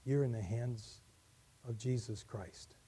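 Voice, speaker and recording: A man pastor preaching a sermon, reading aloud with loud emphatic peaks and quiet soft endings. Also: mid-range voice, takes it slowly, husky. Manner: drops to quiet, soft closing lines.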